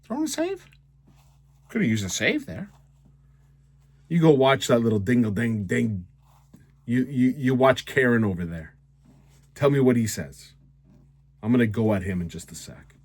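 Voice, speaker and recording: A man hosting a hockey recap, talking in a sarcastic, rambling rant. His pitch swings widely from phrase to phrase. He speaks in a mid-range voice. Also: lively intonation, normal speed, long pauses, a little mellow, breathy edge, no echo. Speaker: host.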